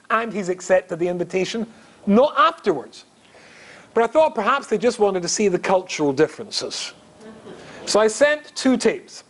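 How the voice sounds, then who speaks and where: A middle-aged man from Scotland, a rabbi giving a humorous storytelling talk, chatty and self-mocking, asking the audience questions. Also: high voice. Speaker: rabbi, guest speaker.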